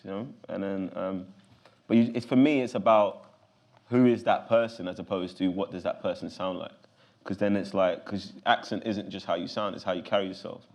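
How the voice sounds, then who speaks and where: A low-voiced man with a London accent chats casually as an interview guest. His speech is gravelly and loose, full of restarts and fillers. He sounds like a relaxed man in his thirties. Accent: London English. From London, England. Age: 30s.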